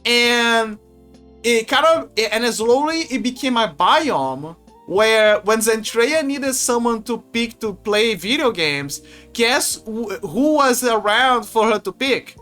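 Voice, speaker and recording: A man streaming, chatting casually in a rambling, animated way with frequent restarts and laughs. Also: extremely high pitch, slow. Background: faint music.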